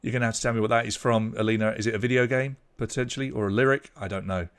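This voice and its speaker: A man's voice: medium pitch, steady tone, rapid-fire, clean tone. Man, british, young adult, pub quiz host, chatty, reading scores and names out, casual stream. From Britain. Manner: chatty, reads out scores and names, trails off mid-sentence. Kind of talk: live-streamed quiz hosting.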